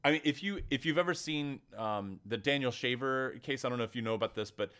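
A man's voice: mid-range voice, fast, clear, resonant tone. A man co-hosting a podcast, talking in a heated, emphatic way during a casual discussion. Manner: animated, emphatic, heated storytelling. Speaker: podcast co-host.

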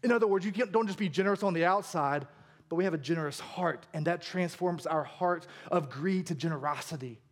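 A man preaching a sermon as a pastor, telling stories in an animated, humorous way. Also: a little high, fairly quick.

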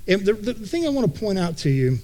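A man's voice: high voice, very animated, fast, mellow. A male pastor preaching a conversational sermon in a folksy way, often repeating words as he thinks aloud.

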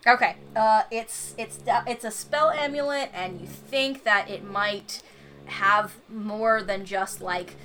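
A woman's voice: mid-range voice, takes it slowly, sharp tone, slight background noise. A woman running a tabletop game as game master, chatty and rambling, with many fillers and restarts.

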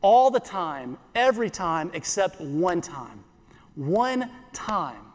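A pastor giving an earnest sermon in church, repeating phrases and slowing down for scripture. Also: male voice, high voice, sing-song, long reverb tail.

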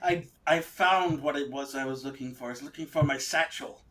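A man's voice: mid-range voice, a little fast, fairly bright tone, close to an everyday voice. A man voicing a worn-out, wounded captive man who complains in an exasperated way. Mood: weary.

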